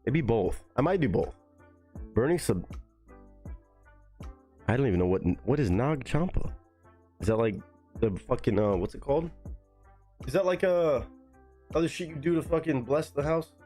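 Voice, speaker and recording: A young man streaming from home, chatting loose and profane, and his pitch jumps all over. Faint music sits under his voice. He thinks out loud, rambling between topics. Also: lively intonation, moderate pace, pauses often. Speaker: live streamer and actor. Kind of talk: casual live-stream chat.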